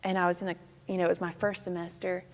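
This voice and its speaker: A woman in her thirties with a Southern accent, a pastor answering interview questions in a soft-spoken, thoughtful way with frequent laughter. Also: lowish voice, level tone, very fast, long reverb tail. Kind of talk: casual interview.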